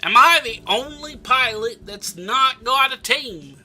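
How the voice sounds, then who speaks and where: A man hosting a comic game playthrough, talking slowly and rambling in a shifting put-on accent. His voice is very bright and forceful, with faint music behind it. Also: very high voice, expressive. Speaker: gaming channel host.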